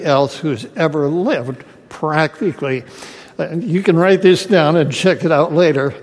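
A man preaching a sermon as pastor, praying and putting rhetorical questions to the congregation. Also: a little high. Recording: long hall reverb.

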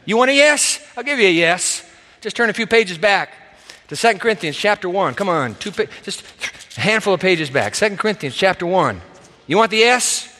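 Male pastor, high bright voice, lively dramatic sermon delivery, echoing church hall. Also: brisk. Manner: dramatic, acts out quoted voices. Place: church sanctuary. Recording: reverberant hall.

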